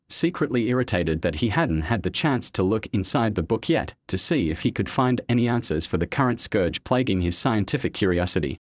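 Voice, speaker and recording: Low-voiced man narrating a story. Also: no room sound, clean studio sound. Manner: steady, measured storytelling. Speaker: audiobook narrator. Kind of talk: scripted narration.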